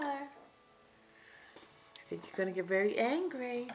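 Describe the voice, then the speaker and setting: A woman's voice: sits high, sing-song, slow pace, long pauses, dull audio, a little hiss or hum. A mother cooing at her baby at home in a sing-song, coaxing way.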